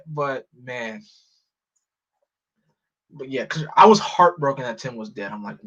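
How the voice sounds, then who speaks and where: A man chatting casually on a live stream, excitable and rambling, often restarting his sentences. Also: mid-range voice, a little slow, pauses often, husky. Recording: slightly muffled lo-fi audio.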